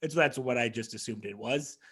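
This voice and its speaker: A male comedian guest in casual podcast chat, telling an animated story and acting out the people in it. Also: mid-range voice, a little fast, slightly rough. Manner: animated storyteller who acts out the people in his stories.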